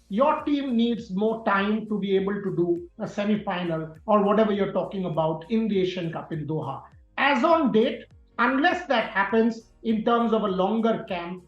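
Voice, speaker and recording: A man giving forceful, opinionated interview answers as a sports journalist guest, repeating key words for emphasis. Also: high voice. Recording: roomy, dull sound with faint music.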